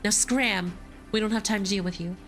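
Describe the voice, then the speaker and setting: A woman voicing a gruff, stern city guard who is curt and threatening toward outsiders in a game story. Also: medium pitch, brisk, a bit bright, faint music behind, natural voice.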